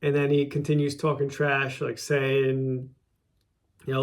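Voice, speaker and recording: A man's voice: mid-range voice, completely flat delivery, unhurried. A man hosting his own show, casually recapping a favorite wrestling segment, often repeating and restarting his words.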